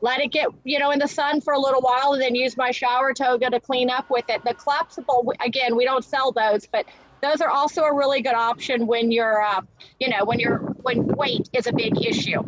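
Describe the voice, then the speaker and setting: A woman guest on a live interview, talking casually and quickly about her product, with many fillers and restarts. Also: sits high, fairly even intonation, dull audio, slight background noise. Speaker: guest entrepreneur.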